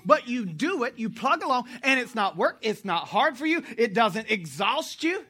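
This animated preacher from the United States keeps joking with the congregation and correcting himself mid-sermon. He has a very high voice and speaks at a moderate pace.

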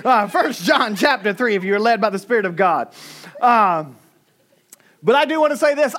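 A middle-aged pastor preaching at a church mic, his voice pitched notably high for a man. He drives points home by repeating them and slips in joking asides. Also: animated, moderate pace, a bit bright. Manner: emphatic repetition and joking asides. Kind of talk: sermon. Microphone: microphone.

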